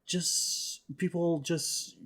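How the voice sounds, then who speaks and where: A man's voice: a little high, little pitch movement, drawn-out words, fairly bright tone. A man co-hosting a horror film podcast in casual chat, rambling, swearing and laughing often. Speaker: podcast co-host.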